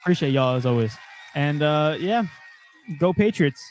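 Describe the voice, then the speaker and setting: A man's voice: fairly high pitch, animated, normal speed, slight background noise. A young man co-hosting a sports podcast, chatting casually, laughing often and reading out viewer comments. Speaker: podcast co-host.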